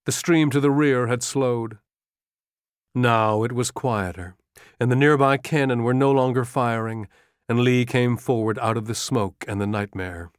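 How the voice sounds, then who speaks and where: A man reading a novel aloud as an audiobook narrator, in a measured, grave manner. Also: mid-range voice, clean tone, no room sound, clean studio sound.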